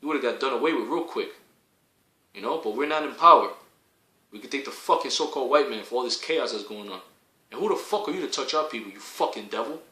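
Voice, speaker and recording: A man preaching in a fiery, foul-mouthed rant, hammering his points again and again and rising to shouts. His voice is bright and pushed. It rings out in an echoey room. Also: medium pitch, expressive, quick pace.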